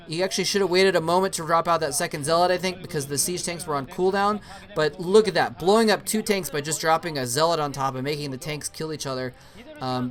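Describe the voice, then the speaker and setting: Excitable solo esports commentator, man. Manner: excitable, bursts into high-pitched cheering at big plays; stammers and repeats words when excited. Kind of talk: solo play-by-play commentary over an old match.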